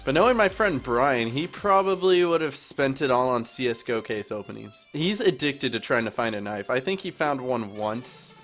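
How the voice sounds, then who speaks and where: A young man chatting casually over his gameplay as a YouTuber, rambling and joking at his own expense. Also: fairly high pitch. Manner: rambling, self-mocking, chatty. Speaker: gaming YouTuber. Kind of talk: casual let's-play commentary. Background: soft background music.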